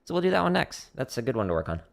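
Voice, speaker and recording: A man's voice: mid-range voice, big pitch swings, very fast, gravelly, slight background noise. A man hosting a drumming livestream, chatting casually and explaining practice step by step with self-deprecating humor.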